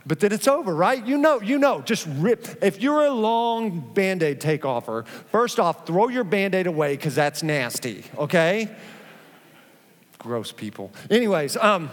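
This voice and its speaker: A man delivers a sermon in a lively, conversational way, dropping playful asides between points. His voice sits high for a man. The sound rings with the long reverb of a big church hall. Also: unhurried. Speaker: pastor.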